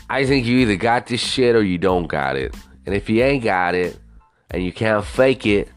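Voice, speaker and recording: A young man hosting a podcast, ranting casually with lots of swearing and rambling asides. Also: low voice. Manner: profane, rambling, animated. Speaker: podcast host. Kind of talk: casual solo podcast rant.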